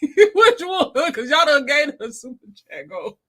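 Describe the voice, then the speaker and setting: Woman livestream host, high-pitched, slow-talking, laughs through everything. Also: very animated, fairly bright tone. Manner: laughs constantly, reads viewer comments aloud. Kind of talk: casual livestream chat.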